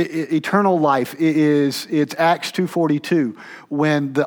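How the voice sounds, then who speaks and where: A man preaching a sermon, moving between emphatic, raised passages and quiet, low asides, often checking in with the congregation with a conversational "okay?". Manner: conversational, with frequent "okay?" check-ins and restarts. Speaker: pastor.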